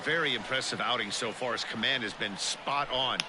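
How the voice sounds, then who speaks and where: A man plays a baseball color commentator in a sports game, speaking at a middle pitch in a measured, analytical way. Loud noise sits behind the game audio. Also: a crowd in the background, close to an everyday voice.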